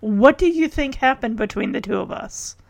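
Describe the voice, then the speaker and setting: A woman's voice: a little high, expressive, normal speed, gravelly. A woman voicing an offended, busy woman reporter who answers defensively. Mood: indignant.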